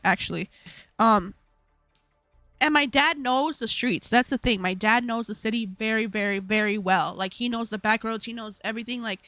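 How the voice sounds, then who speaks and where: A young woman hosting a live stream, telling a story in a slangy, animated way and laughing often. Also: a little high, dry recording. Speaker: livestream host.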